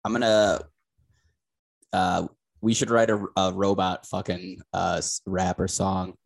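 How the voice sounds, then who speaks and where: Gravelly low voiced dude cohosting, halting and full of uhs. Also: male voice, flat delivery. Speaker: podcast co-host. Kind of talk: casual crude comedy chat.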